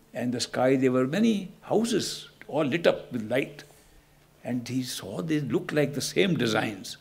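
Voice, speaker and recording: A man's voice: mid-range voice, gravelly, breathy edge. A man who is a spiritual teacher, giving a reflective talk, telling stories and asking rhetorical questions. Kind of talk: spiritual discourse.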